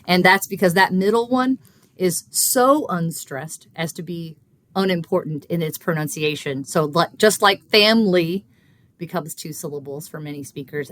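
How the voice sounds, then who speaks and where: A woman researcher explaining language in an interview, measured and teacherly, with frequent fillers. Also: fairly low pitch, no echo. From Kentucky. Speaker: linguistics researcher guest.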